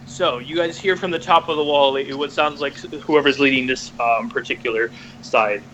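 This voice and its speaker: A man narrating a tabletop game as game master, halting with many fillers and restarts. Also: medium pitch, fairly even intonation, pushed and bright, slight background noise, low-quality recording.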